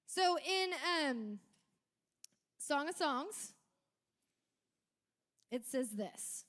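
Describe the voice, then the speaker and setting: Very high-voiced animated woman preacher. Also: slow pace, pauses often. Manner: animated, lively storytelling with shouted punchlines. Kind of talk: sermon.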